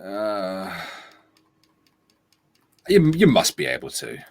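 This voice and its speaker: A man's voice: low voice, wildly swooping pitch, slow. A man on a livestream, joking and teasing the others in casual chat.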